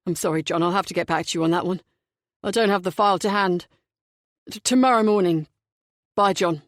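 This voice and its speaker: A woman's voice: fairly low pitch, dry recording, lightly acted. A woman voicing a nervous, flustered young male company director who keeps apologizing, in a dry close audiobook recording. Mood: harried. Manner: apologetic, shaken and hurried.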